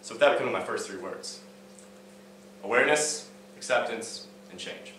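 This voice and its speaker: A young man tells a casual story on stage in a low voice, full of fillers and repeated words. He sounds set back from the mic, and the sound booms around a big echoey hall. A faint hum sits under it. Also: moderate pace, fairly bright tone, distant mic. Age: young adult. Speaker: student speaker. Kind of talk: student talk on stage.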